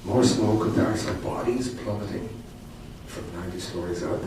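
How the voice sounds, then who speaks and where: An older Canadian man, a poet and commentator, tells a personal story to an audience, reflective and wry with frequent restarts. His voice is lowish at normal speed, picked up by a distant mic in a very echoey, noisy hall.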